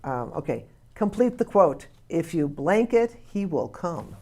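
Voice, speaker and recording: A woman with a lowish, very animated voice speaks unhurriedly over a lot of background noise. She's a playwright and comedian appearing as a guest on a radio talk show, running a casual movie quiz, testing the hosts on film quotes and exclaiming as she laughs along.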